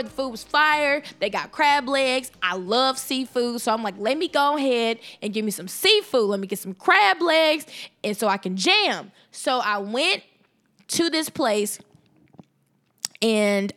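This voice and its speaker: A woman hosting a podcast, telling a story in a casual, animated, exasperated way with speech. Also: high-pitched. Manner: animated, exasperated retelling with voiced reactions. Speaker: podcast host.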